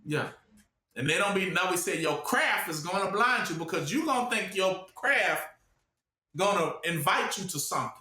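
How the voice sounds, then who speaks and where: A man preaching informally, often pausing with "what?" for listeners to finish his sentences. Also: high-pitched, lively intonation, sharp tone, reverberant. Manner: asks the audience to fill in the word with "what?".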